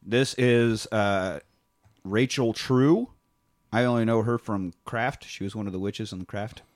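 A man's voice: fairly low pitch, unhurried, no echo, clean studio sound. A man co-hosting a casual podcast, rambling and laughing as he retells a comedy film scene by scene. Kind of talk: casual chat.

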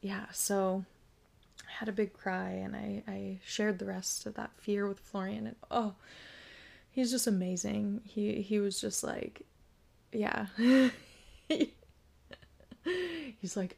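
A woman's voice: mid-range voice, fairly even intonation, slow pace, creaky, pauses often, darkish tone, breathy edge. A pregnant woman hosting a podcast, telling a personal story in an emotional, reflective way with many fillers. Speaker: podcast host.

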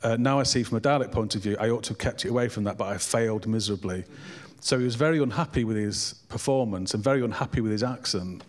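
A man's voice: on the low side, quick pace, few pauses. Opinionated man chatting about films. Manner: opinionated, enthusiastic. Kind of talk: casual film discussion.

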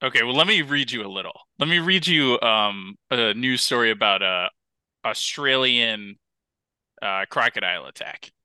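Bright, crisp-voiced male podcast host. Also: medium pitch, normal speed, no echo. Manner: animated storyteller, lots of "like" fillers. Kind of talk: casual chat.

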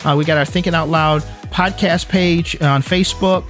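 A man's voice: on the high side, fairly even intonation, normal speed, fairly bright tone, soft background music. A man co-hosting a faith-based podcast, speaking earnestly and emphatically, often restarting and repeating words. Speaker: podcast co-host.

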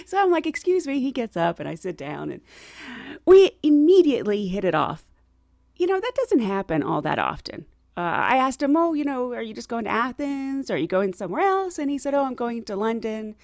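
A middle-aged American woman telling a travel story in a chatty, animated way, laughing often and acting out what she and others said. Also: a little high, moderate pace, vocal fry, no echo, clean studio sound. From United States.

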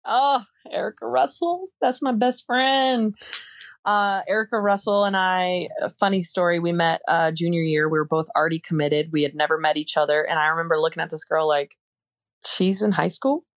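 Casual young female guest, low voice, rapid chatty delivery, dry close mic. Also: steady tone, no room sound. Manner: chatty, fast bursts with many fillers. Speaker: podcast guest, softball player. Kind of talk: casual interview chat.

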